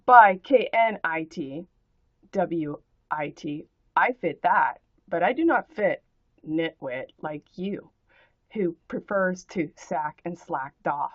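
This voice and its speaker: Slow-talking woman in a ranting monologue. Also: on the low side, animated, dry recording, dull audio. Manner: spells out words and rhymes in playful wordplay, with profanity. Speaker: vlogger answering a commenter.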